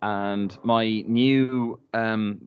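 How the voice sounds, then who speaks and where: A man's voice: lowish voice, steady tone, very slow, clear, resonant tone. A man from Ireland telling a rambling, laugh-filled anecdote in casual podcast chat, swearing freely. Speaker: podcast co-host. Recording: muffled dry recording.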